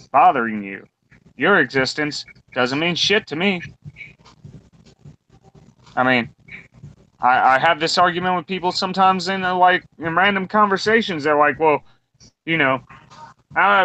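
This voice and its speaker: Man in his twenties, blunt profane rant, slightly high voice, muffled lo-fi sound. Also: pushed and bright. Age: 20s. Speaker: podcast co-host. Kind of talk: casual round-table rant. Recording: dull lo-fi recording.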